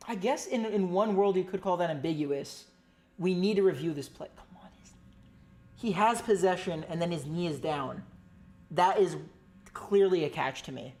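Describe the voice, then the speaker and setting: A fan streaming their own play-by-play of a game, excitable and pleading, jumping between loud outbursts and quiet muttered commentary, with frequent swearing. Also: mid-range voice. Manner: swears often. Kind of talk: amateur live stream commentary.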